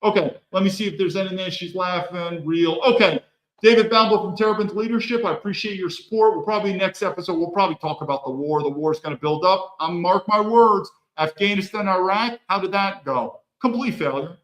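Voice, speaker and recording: A man from the United States hosts a solo livestream, with a high voice for a man. He rambles and rants heatedly, stumbling and restarting his sentences. His voice echoes around a roomy space. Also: a little fast, fairly bright tone. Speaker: livestream host.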